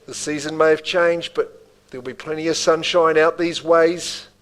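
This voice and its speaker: A man's voice: on the high side, fairly even intonation, normal speed, a bit bright, low-quality recording. A man with a New Zealand accent calling bids at a live property auction, with rhythmic bid calls and chatty asides to the room.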